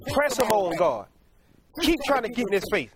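A man's voice: high voice, sing-song, moderate pace, a crowd in the background. A male preacher delivering a sermon in a folksy, repetitive way, often stopping to correct himself and laughing at his own stories. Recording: congregation heard behind.

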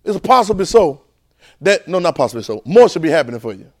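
Speaking a little high and at a quick pace, a man preaches to a class at a church training center. He's animated and repetitive, throwing out one rhetorical question after another.

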